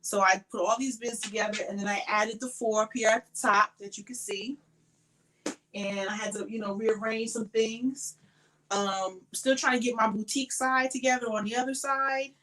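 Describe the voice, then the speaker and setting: A woman's voice: on the high side, steady tone, normal speed, sharp tone, a little hiss or hum, low-quality recording. A woman hosting a casual crochet livestream from her home craft shed, chatting to viewers by name, tired and sleepy, with frequent ums.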